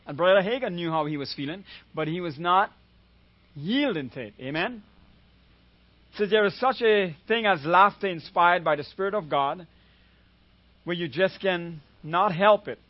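A man's voice: sits high, animated, normal speed, no echo, muffled recording. A man preaching a sermon as a guest preacher, retelling a story and often asking the congregation "amen?".

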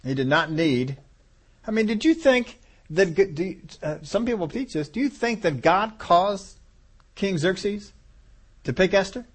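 A man preaching a sermon, animated, acting out voices of God and people and chuckling as he goes. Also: high-pitched, measured pace, breathy edge.

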